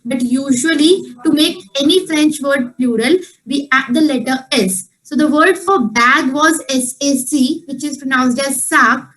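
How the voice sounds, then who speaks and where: A woman teaches a beginner French lesson in a high voice. She is patient and repeats each point slowly so it sinks in. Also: fairly bright tone, low-quality recording. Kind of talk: online class instruction.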